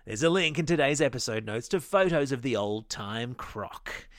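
A man's voice: mid-range voice, animated, normal speed, no room sound, clean studio sound. A man hosting a daily kids' news podcast, reading scripted stories in a playful, upbeat way with jokey asides. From Australia. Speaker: news podcast host for kids. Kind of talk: scripted news narration for kids.

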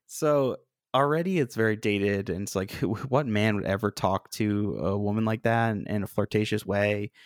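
A man casually discussing an old film with a co-host, animated and acting out the quoted lines. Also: lowish voice, moderate pace, no echo, clean studio sound.

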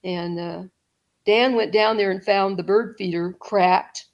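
A middle-aged woman telling a story as an interview guest, rambling, with restarts and soft laughs. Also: mid-range voice, fairly even intonation, a little slow, dull audio.

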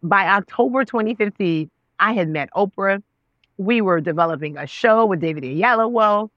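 A woman in her thirties, a guest on an interview show, telling her story with lively voices for her own past words. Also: moderate pace, no echo, lo-fi sound. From Nigerian family. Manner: expressive, acts out her own past words with big pitch jumps. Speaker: guest, actress and author.

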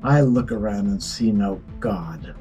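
A man voicing an arrogant young king who mocks, threatens and shouts. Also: lowish voice, a little slow, soft background music, close to an everyday voice. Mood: angry, mocking.

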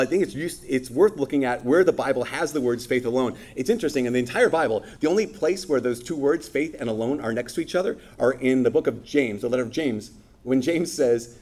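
A man preaching a sermon in a lively, playful way, acting out voices from scripture. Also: mid-range voice, brisk. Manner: animated, playful, acts out biblical voices.

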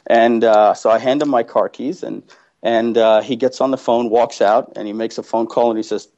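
A man telling a personal story as a guest, animated and full of restarts, acting out the people he quotes. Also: mid-range voice, normal speed. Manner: animated, acts out quoted voices, many restarts. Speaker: guest entrepreneur. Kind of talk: casual storytelling. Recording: dull lo-fi sound.

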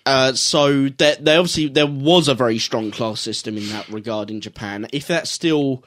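A man on a casual review podcast, opinionated and explanatory. His voice sits at a middling pitch for a man, and he works through his arguments point by point. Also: normal speed, a bit bright. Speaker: podcast co-host.

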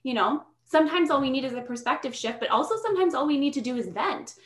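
A woman's voice: high-pitched, expressive, fast talker. Bubbly, talkative young woman, roomy sound. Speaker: podcast guest. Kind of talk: casual podcast conversation. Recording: roomy echo.

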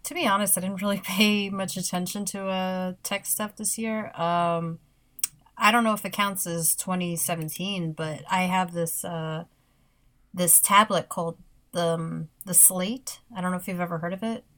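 A woman's voice: lowish voice, fairly even intonation, normal speed, a bit bright. A woman in casual podcast chat, talking hesitantly with many fillers and small laughs.

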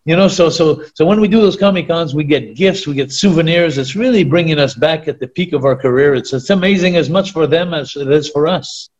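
A retired pro wrestler from Quebec, Canada, a native French speaker with a French Canadian accent, chats as a guest in a casual interview, rambling with lots of restarts and fillers. His voice is on the high side, a little fast with hardly any pauses, and a little mellow. The audio is dull.

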